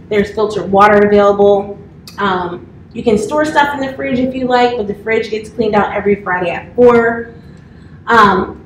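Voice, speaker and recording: A woman in her thirties, a campus manager, giving a chatty orientation talk to a new class with lots of filler words. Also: medium pitch. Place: office classroom. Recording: roomy, from far off, faint hiss.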